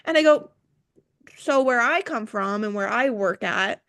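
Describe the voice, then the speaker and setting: High-voiced animated young woman. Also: a little slow. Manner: animated storyteller acting out exchanges. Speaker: restaurant manager. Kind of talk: casual group chat.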